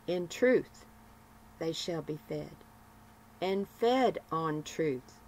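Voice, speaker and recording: A woman reading a morning devotional as a sermon, with measured phrasing and emphatic repetitions. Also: deep voice, expressive, a little mellow, a little hiss or hum, low-quality recording. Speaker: devotional broadcaster.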